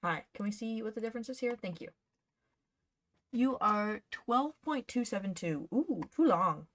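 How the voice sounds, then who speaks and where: A woman's voice: medium pitch, lively intonation, moderate pace, a bit bright. A woman streaming her cosplay patterning work, chatting casually and muttering to herself as she works. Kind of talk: casual live-stream chat while working.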